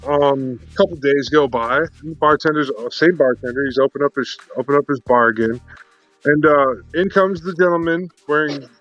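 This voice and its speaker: A man's voice: on the high side, normal speed, a bit bright, no room sound, muffled recording, faint music behind. A man telling a long, profane joke in casual chat, rambling and full of fillers. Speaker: co-host.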